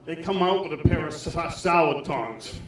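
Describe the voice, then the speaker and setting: A man's voice: a little high, animated, normal speed, a little hiss or hum. A man performing a crude, rambling stand-up comedy set in a small club. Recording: echoey club heard from far off.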